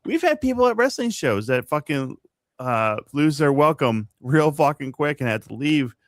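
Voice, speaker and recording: A man's voice: a little high, very animated, normal speed, dry recording. A young man chatting casually on a podcast, blunt and profane, on a close mic. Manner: blunt, profane, reacts with laughs. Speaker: podcast co-host. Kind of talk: casual chat.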